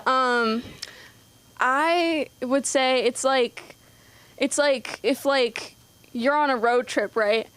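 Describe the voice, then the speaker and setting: A woman's voice: high-pitched, very slow, a bit bright, smooth. A young woman doing her first stand-up set, nervous and rambling with lots of ums and likes. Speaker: first-time stand-up comic. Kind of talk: open-mic stand-up set. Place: comedy club stage. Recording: live club audience noise.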